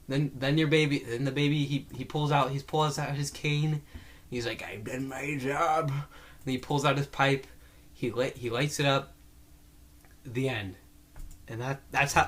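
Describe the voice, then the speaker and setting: A young man co-hosting a podcast, telling an absurd improvised story in an excitable, stammering way. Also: medium pitch. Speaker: podcast co-host.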